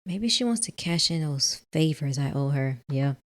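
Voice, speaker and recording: A woman hosting a let's play, reading a visual novel in the first person, softly, with casual asides. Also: low-pitched, animated, moderate pace.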